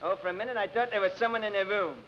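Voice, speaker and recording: A dim brute of a guy, played by a man in a 1940s radio comedy, blunt and gruff with a rather high voice. Scratchy old broadcast with heavy hiss and a studio audience. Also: fairly even intonation, rapid-fire, muffled recording, natural voice. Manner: gruff, blunt, adds "see?". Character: big dim tough-guy male brute.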